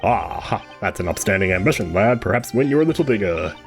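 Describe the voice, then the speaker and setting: A man's voice: on the low side, lively intonation, brisk. A proud captain of a knightly order in a game cutscene. He speaks in a stately, paternal and commanding way. Faint music runs beneath.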